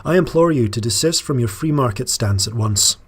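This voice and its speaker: A man's voice: medium pitch, animated, slightly rough. A man putting on a stern, formal Scottish woman leader. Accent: put-on Scottish. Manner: formal, measured diplomatic speech. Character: woman leader, earnest, measured, formal, proud. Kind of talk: game dialogue read aloud.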